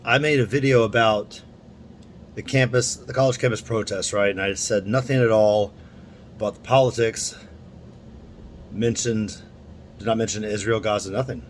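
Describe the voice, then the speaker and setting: A man's voice: on the low side, moderate pace, pauses often, a little hiss or hum. A young man talking to camera in a casual, rambling monologue, full of restarts and asides. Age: young adult. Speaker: vlogger.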